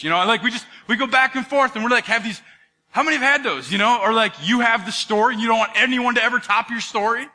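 Animated pastor, bright voice in a hall. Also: male voice, extremely high pitch, quick pace. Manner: animated, playful, jokey storytelling with the congregation. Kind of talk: sermon. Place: church sanctuary.

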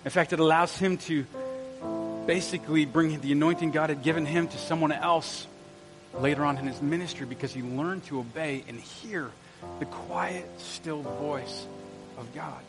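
A man's voice: fairly high pitch, normal speed, over music. A man, a pastor preaching a sermon in a church, telling stories in a conversational way and talking straight to the congregation. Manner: storytelling, conversational with asides to the congregation. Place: church sanctuary.

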